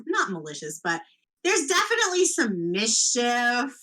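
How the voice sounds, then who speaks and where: Woman game master, bright tone, slow and easy, giggly tabletop narration. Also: fairly high pitch, wildly swooping pitch, rough recording. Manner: giggly, loose and chatty.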